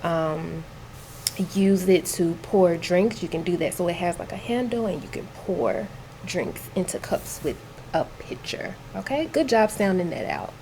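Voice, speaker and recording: A woman works one-on-one with a child on reading, speaking patiently and praising often. Her voice sits a little low. A faint hiss runs behind her. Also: lively intonation, measured pace, dark tone. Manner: patient, encouraging, explains simply. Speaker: reading tutor.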